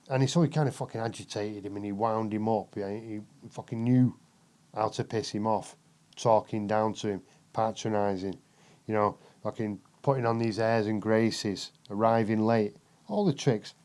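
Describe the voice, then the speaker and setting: A man swearing freely while telling animated stories as a boxing pundit in casual podcast chat. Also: lowish voice, moderate pace. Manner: profane, animated storytelling.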